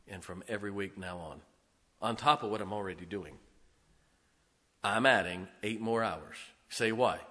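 A middle-aged man preaching a sermon as pastor. He swings between loud, emphatic lines and quiet, confiding asides, chuckling often. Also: fairly low pitch, in a large hall. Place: church sanctuary.

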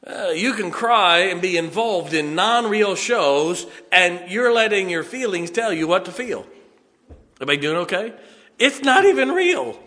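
A man's voice: high-pitched, moderate pace, pushed and bright, big-room sound. A man preaching a sermon in a folksy way, often chuckling and checking on his congregation.

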